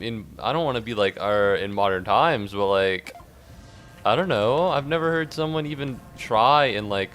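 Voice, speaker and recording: A man giving rambling, jokey commentary while streaming a game, breaking into squeaky outbursts. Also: normal speed, a bit bright. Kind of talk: casual gaming commentary.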